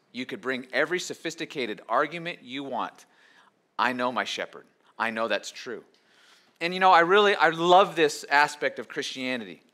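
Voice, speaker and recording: A middle-aged man, a pastor, preaching a sermon in a conversational way, slipping into quick acted asides. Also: fairly high pitch, sharp tone.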